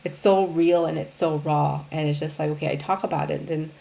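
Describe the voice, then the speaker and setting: Low, gravelly woman talking candidly. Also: steady tone, fairly quick, mellow. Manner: earnest, rambling, heavy on fillers like "um" and "you know". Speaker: host of a live Q&A stream. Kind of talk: candid casual talk to viewers.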